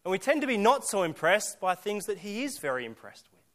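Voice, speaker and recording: A pastor preaching a sermon, earnest, with slow emphatic lists and rhetorical questions. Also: male voice, high voice, sing-song, fairly bright tone.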